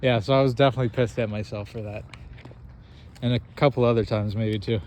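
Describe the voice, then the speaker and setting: A young American man in casual chat, telling an animated, self-mocking story and laughing often. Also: medium pitch, quick pace. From United States.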